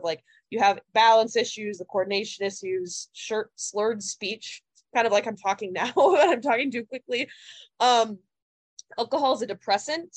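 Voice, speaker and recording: A young woman in her twenties chats casually as a podcast co-host. She fills her sentences with "like" and drops the odd swear word. Her voice sits at a mid pitch and sounds close and dry. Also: dry recording. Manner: chatty, heavy use of "like", casual swearing. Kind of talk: casual chat.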